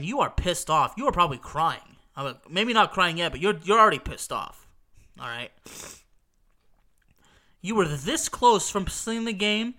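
A man's voice: sits high, pushed and bright. A man retelling a football final he watched with his dad, emphatic and repetitive, swearing now and then, his voice stuffy from allergies. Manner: emphatic, repeats himself, swears, asks "okay?". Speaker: football fan recounting a match. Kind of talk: excited casual storytelling.

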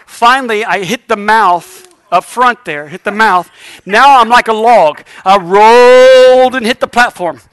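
A middle-aged man preaching a revival sermon, telling a lively story and building to shouted exhortation. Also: very high voice, clear, resonant tone, no room sound.

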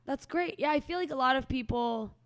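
Young woman host, easygoing podcast banter, quick to laugh. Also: sits high. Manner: friendly, chatty, laughs easily. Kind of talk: casual podcast chat.

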